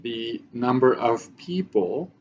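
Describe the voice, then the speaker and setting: A man's voice: mid-range voice, expressive, takes it slowly, darkish tone, muffled recording, a little hiss or hum. A man teaching a math lesson step by step, often checking in with "right?" as he works through the numbers. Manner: talks through steps, frequent "right?" checks.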